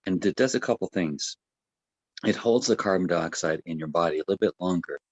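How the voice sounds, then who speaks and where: Deep-voiced man explaining breathwork. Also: husky, no room sound. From United States. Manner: gentle, unhurried, with many fillers and restarts. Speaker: breathwork coach. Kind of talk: casual explanatory talk.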